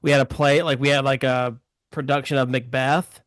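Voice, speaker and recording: Man, podcast host, smooth clear voice, dry close sound, rambling casual chat. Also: mid-range voice, level tone, normal speed, fairly bright tone, no echo. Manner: chatty, rambling with fillers.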